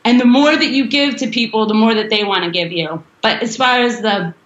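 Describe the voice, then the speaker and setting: A woman's voice: fairly high pitch, fairly quick, fairly bright tone. A woman rock singer chatting loosely in an interview and laughing often. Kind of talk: casual interview chat. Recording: roomy, dull lo-fi sound.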